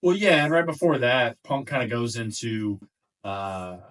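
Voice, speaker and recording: A man co-hosting a casual podcast, chiming in with relaxed side remarks. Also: mid-range voice, a little slow, far from the mic. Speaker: wrestling podcast co-host.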